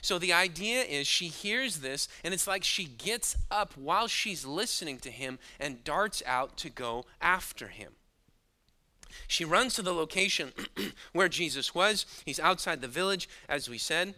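Male pastor, earnest expository preaching, bright forward voice. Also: on the high side, lively intonation, unhurried. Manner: earnest teaching, retelling scripture scenes. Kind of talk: expository sermon.

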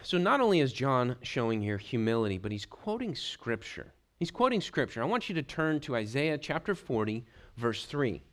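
A man giving an expository sermon, reading scripture aloud and walking through it verse by verse. His pitch sits in the middle range, and he pauses now and then to clear his throat. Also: sing-song, a bit bright. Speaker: pastor.

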